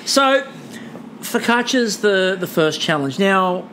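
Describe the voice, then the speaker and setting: A woman's voice: mid-range voice, expressive, slow pace, a bit bright, slight background noise. A woman, hosting a casual chat podcast in a rambling, playful way. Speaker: podcast host.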